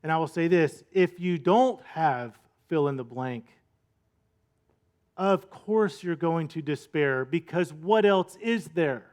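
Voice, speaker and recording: Slow-talking male pastor preaching. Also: a little high, animated, darkish tone. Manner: conversational, storytelling, rhetorical questions. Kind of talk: sermon.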